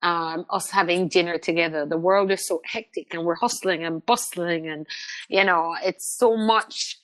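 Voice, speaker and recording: A middle-aged woman, a guest telling personal stories in an interview, animated and repeating words as she restarts sentences. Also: fairly low pitch, moderate pace. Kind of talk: candid conversational interview.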